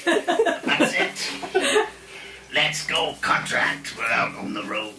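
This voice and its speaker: A man's voice: mid-range voice, measured pace, bright, forceful tone. A man performing in an amateur puppet show, theatrical and storytelling, playing it up for laughs. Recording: echoey room, far from mic, music behind.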